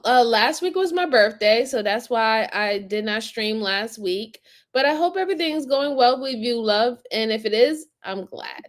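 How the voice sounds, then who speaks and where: Slow, animated woman streamer. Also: fairly high pitch. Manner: animated, indignant, addresses chat viewers. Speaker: host reacting to crime videos. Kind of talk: live-stream commentary.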